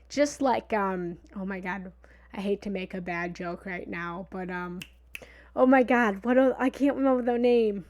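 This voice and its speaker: A woman giving a motivational talk in a lively, conversational way. She sometimes drops into a whisper for emphasis and repeats phrases playfully. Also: mid-range voice, moderate pace. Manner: repetitive, playful analogies. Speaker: motivational speaker.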